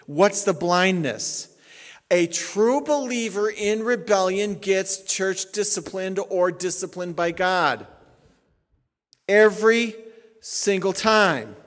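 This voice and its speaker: A middle-aged man, a pastor, preaching a sermon emphatically, swinging between hushed and loud, sounding tired. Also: high voice. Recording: long hall reverb.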